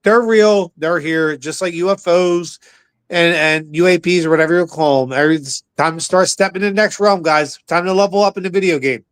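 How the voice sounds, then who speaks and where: A man from co-hosting a casual sports talk show, loud, profane and jokey, breaking into shouts. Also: on the high side, brisk, smooth, no echo. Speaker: podcast co-host. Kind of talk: casual chat.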